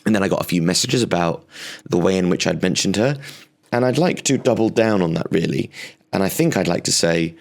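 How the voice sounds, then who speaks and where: A man's voice: low voice, animated, brisk, gravelly. A man hosting a comedy podcast, rambling and facetious in a solo monologue.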